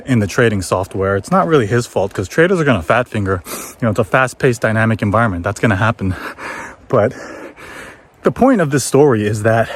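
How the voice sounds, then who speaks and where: A man telling a casual, animated story while hiking outdoors on a forest trail, filmed on a handheld camera, acting out quoted voices as he goes. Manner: animated, acts out quoted voices in high pitch. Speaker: former trader telling a story.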